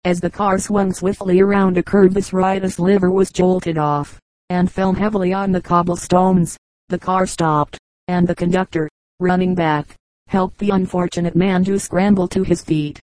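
A woman reading a collection of short humorous anecdotes aloud as scripted narration, with a steady, even delivery. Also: lowish voice, normal speed, no room sound, poor audio. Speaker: audiobook reader.

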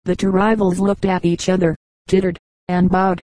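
A woman narrates a classic novel in a measured, even reading. Her voice sits low and mellow, with a warm softness to it. The recording is dry and close, with no room sound around her. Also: no room sound, low-quality recording. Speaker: audiobook narrator.

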